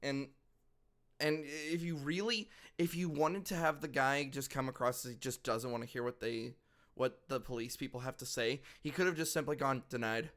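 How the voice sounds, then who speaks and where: A man at a middle pitch, co-hosting a casual podcast chat. He argues his points and often stumbles and restarts. He fills gaps with small hesitations. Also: moderate pace, fairly bright tone. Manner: argumentative, restarts sentences, frequent uh and like. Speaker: podcast co-host.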